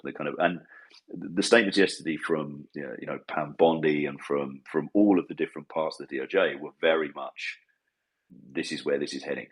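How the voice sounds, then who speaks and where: A man's voice: very deep voice, a little fast, husky, low-quality recording. A man chatting on a podcast, talking hesitantly with frequent restarts. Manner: hesitant, many restarts and fillers. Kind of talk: casual podcast chat.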